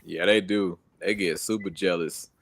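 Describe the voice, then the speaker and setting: A man's voice: low-pitched, fairly even intonation, normal speed, a bit bright, dry recording. A young American man co-hosting a casual streamed chat, laid-back and slangy, laughing often. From United States. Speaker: co-host.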